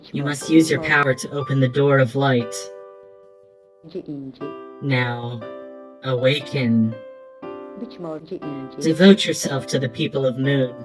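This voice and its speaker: A woman voicing a solemn, mysterious dream guide, reading game dialogue in a grave, measured way. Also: sits low. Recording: gentle guitar music behind.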